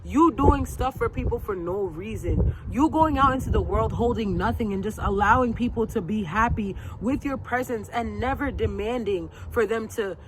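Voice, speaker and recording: A woman's voice: fairly high pitch, slight background noise. A woman vlogger giving casual, emphatic advice to camera, repeating her points in a preachy way. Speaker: lifestyle vlogger. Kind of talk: casual motivational talk to camera.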